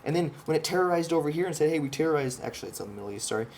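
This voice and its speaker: Racing along with a creaky, highish voice and lively intonation, this vlogger pours out an impassioned, profane, rambling explanation, pointing at a drawing and repeatedly restarting sentences. There's a little hiss or hum on the recording.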